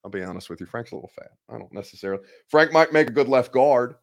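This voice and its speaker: This sports talk host, a man in his late twenties, chats live with his audience from his office, going through viewer comments in a rambling, frank, blunt manner. He talks quickly with lively intonation at a medium pitch.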